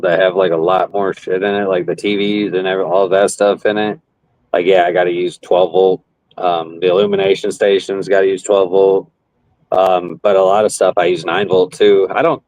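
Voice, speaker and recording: A man's voice: low voice, a little mellow, no room sound, low-quality recording. A man talking as a guest who builds paranormal devices, loose and joking, swearing now and then. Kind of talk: casual chat.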